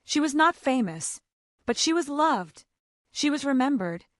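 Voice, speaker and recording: A woman tells an emotional story in a measured, heartfelt narration. Her fairly high voice rises and falls a great deal. The recording is close and dry with no room sound. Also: very animated, no echo.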